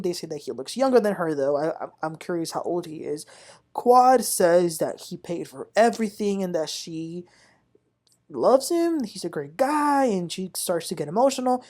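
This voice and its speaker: A woman hosting a casual reality TV recap, talking in an animated, indignant way and addressing viewers as "y'all.". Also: on the low side. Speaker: TV recap host.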